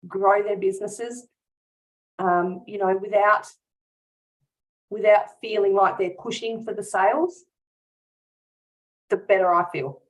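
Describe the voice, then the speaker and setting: A woman's voice: mid-range voice, rough recording. Woman coach talking about her business, earnest and heartfelt, laughs a lot, keeps restarting. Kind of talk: casual interview chat.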